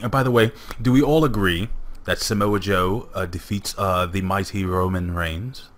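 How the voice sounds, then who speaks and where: A man hosting a casual wrestling chat, animated and jokey, swearing now and then. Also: lowish voice, normal speed. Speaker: podcast host.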